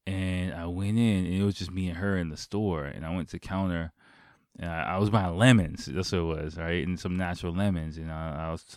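A man with a very low voice talks through a loose, rambling monologue as host of his own show. He fills his sentences with "um" and "like" and swears offhandedly. The sound is close and dry, with no room around it. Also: fairly even intonation, brisk, dry recording. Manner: rambling, filler-heavy, swears casually. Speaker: podcast host. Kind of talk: casual storytelling monologue.

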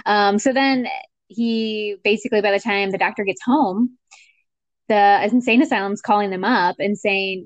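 A woman's voice: a little high, steady tone, measured pace, dry recording, highs cut off. A woman casually discussing a film as a podcast co-host, chatty and full of fillers.

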